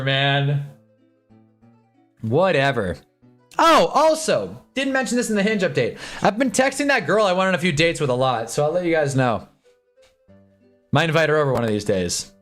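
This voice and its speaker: A young man casually reacting to live football games on a stream, swinging from low muttering to excited yelling at big plays. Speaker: sports streamer. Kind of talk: live football watch-along commentary. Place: home streaming room with green screen.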